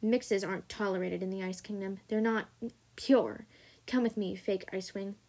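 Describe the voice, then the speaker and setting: A cold, blunt ice dragon guard from a homemade story reading sneers at a young hybrid, voiced by its author. The delivery stays close to an everyday reading voice, at a plain middle pitch. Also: steady tone, moderate pace, a little mellow, lightly acted. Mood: sneering.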